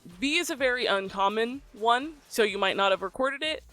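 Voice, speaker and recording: A voicebank creator talking through a recording tutorial in a relaxed, chatty way, often pausing with ums. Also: mid-range voice, soft background music. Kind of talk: casual tutorial explanation.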